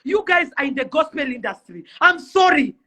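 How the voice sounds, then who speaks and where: Young kenyan woman going off in a fiery rant, sharp bright voice, pleading, throws question after question. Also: high-pitched, sing-song. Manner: pleading, fiery, rapid-fire rhetorical questions. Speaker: celebrity influencer. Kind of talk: impassioned rant to camera.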